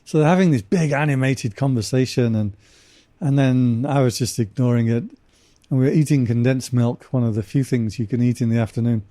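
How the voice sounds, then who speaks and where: Mellow-voiced man from England. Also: medium pitch, a little fast, dry recording. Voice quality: dry humor, animated anecdotes with laughs. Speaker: podcast guest, ordained monk. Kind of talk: casual storytelling conversation.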